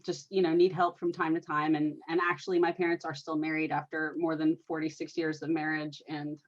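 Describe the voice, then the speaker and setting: A woman's voice: deep voice, flat delivery, brisk, muffled recording. A woman telling a story in casual conversation, rambling and filling her speech with "you know" and "like.". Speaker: energy worker and guest.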